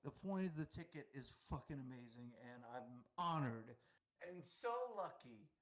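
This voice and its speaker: A man co-hosting a casual talk show, rambling and swearing freely and putting himself down. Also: medium pitch. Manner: profane, rambling, self-deprecating. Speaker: departing co-host. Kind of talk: casual podcast chat.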